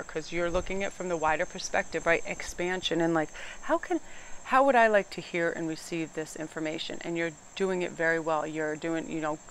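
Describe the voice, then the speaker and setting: A middle-aged woman, giving a casual, animated tarot reading outdoors and sometimes getting loud and emphatic. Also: fairly low pitch, fairly quick, slight background noise. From New England. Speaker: tarot reader.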